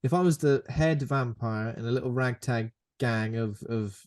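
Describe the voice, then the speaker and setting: A British man co-hosting a podcast, chatting casually about a film and acting out characters in quick jokey bits. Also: mid-range voice, a little mellow. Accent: British English. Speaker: podcast co-host.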